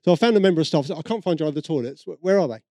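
A British preacher races animatedly through a sermon, telling everyday stories conversationally and acting out those he quotes. His warm voice sits on the high side, and there's no room sound.

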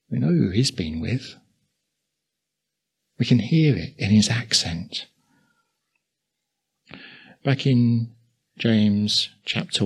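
An older man with an Essex accent preaching a sermon, chatty and full of asides. His voice sits low and gravelly, with a husky, slightly rough edge. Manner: conversational, with asides and quick chuckles.

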